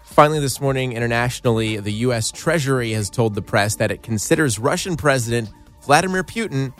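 A man hosting a radio morning show, reading news in a measured way and joking easily with his co-hosts. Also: mid-range voice, animated, faint music behind. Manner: measured newsreader delivery that gives way to easy laughter.

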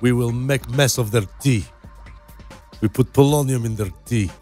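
A man voicing a mock Russian official who speaks in stiff, broken English and schemes out loud. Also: mid-range voice, normal speed, soft background music, close to an everyday voice. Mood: scheming. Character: mock Russian official plotting a poisoning, gruff, adult man.

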